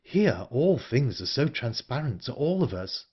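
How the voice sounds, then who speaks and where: A man's voice: medium pitch, very animated, a little slow, slightly rough, highs cut off, voice pushed up. A man voicing an earnest, anxious young woman in an audiobook, urgent and pleading. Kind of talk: audiobook character reading.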